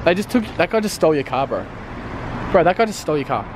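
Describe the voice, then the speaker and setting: A man's voice: fairly high pitch, sing-song, fast, noisy background. A young man from Australia with an Australian accent, chatting casually and teasing his friend in a vlog. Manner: joking, teasing, laughs often. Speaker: vlogger.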